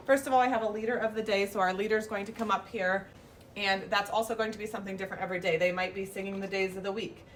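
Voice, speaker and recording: A woman's voice: medium pitch, steady tone, quick pace. A preschool teacher, a woman, walks through her classroom routine and drops into a sing-song teacher voice whenever she demonstrates. She is picked up from some distance in an indoor classroom, with a faint hum of background noise.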